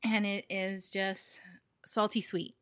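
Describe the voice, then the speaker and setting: A woman's voice: medium pitch, level tone, slow pace, a bit bright, smooth, dry recording, clean studio sound. A woman from Hawaii co-hosting a casual chat, talking freely with fillers and frequent laughter. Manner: chatty, laughs often, trails off with fillers. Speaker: podcast co-host.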